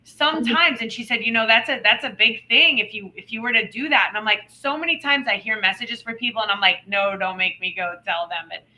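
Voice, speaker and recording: Bright-voiced woman co-host chatting. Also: on the high side, low-quality recording. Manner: animated storytelling, quick asides. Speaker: podcast co-host. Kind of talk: casual chat.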